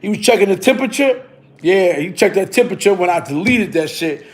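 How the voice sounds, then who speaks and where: High-voiced man telling a street story. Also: animated, brisk. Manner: slangy, keeps tagging "you heard?". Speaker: vlogger.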